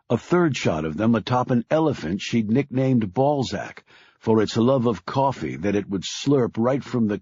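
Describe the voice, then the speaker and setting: Grave husky male audiobook narrator. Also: a little mellow, no echo, dull audio. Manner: grave, measured, dropping low on sad lines.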